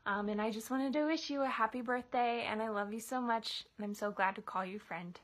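A woman with a fairly high voice speaks sweetly and earnestly. Her talk is plain and friendly. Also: fairly quick. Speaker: friend giving birthday wishes. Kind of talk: recorded video message.

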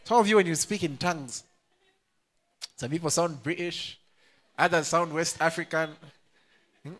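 A man's voice: on the high side, normal speed, fairly bright tone. A young male pastor preaching a sermon, playful, laughing often and calling out to the congregation. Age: young adult.

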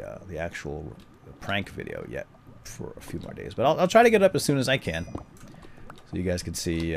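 Low-voiced chatty man playing a game. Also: creaky, a little mellow, slight background noise. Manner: chatty storyteller, jokey asides, playful pretend salesman banter. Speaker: gaming video host. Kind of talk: casual chat while playing a game.

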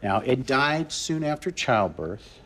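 A man's voice: mid-range voice, big pitch swings, slow, fairly bright tone. A man playing a comic ghost hunter, speaking in an earnest, plodding, mock-serious way. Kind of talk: improvised comedy sketch.

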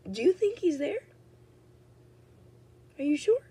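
Woman doing a squeaky tiny filter voice. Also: big pitch swings, unhurried, dark tone. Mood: chirpy. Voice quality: very high and squeaky. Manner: chirpy, cutesy, coaxing. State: sick. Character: squeaky tiny cartoonish filter voice, chirpy presenter.

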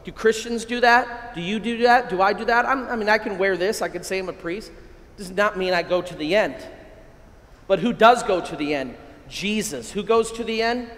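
A middle-aged American priest giving an excitable, energetic keynote talk to a men's conference, with sudden loud bursts. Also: male voice, high voice, moderate pace, a little hiss or hum. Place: large hall at a conference. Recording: echoey hall, long reverb.

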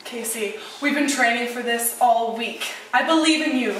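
A woman's voice: fairly high pitch, moderate pace, fairly bright tone, a little hiss or hum. A teenage girl in a comic school skit, coaching a friend in a bossy tone with casual valley-girl fillers. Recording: echoey room from a distant mic, music behind.

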